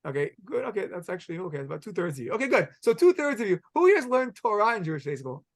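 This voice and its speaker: High, fast-talking rabbi quizzing a class. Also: male voice. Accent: Israeli Hebrew pronunciation of Hebrew words. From Israel. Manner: energetic, quizzes the room, mixes in Hebrew words. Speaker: rabbi teaching a halacha class. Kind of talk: classroom lecture with questions to students.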